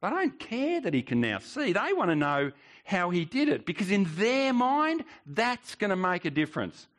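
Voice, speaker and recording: A man's voice: high-pitched, wildly swooping pitch, moderate pace, fairly bright tone. A male pastor preaching a sermon, emphatic, with rhetorical questions and repeated words.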